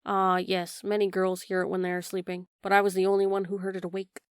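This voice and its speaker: A gentle, wistful grown mother speaks softly and tenderly, as a woman reads her lines. Her voice sits at a middle pitch. The sound is dry and close, in the manner of a storybook audiobook. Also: monotone, fast talker, clear, resonant tone, no room sound, natural voice.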